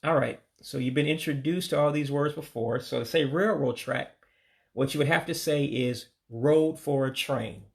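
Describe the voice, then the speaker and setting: Gravelly American man teaching vocabulary. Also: medium pitch. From United States. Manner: repeats each word slowly, then its English meaning. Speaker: language learner teaching vocabulary. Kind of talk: casual vocabulary lesson.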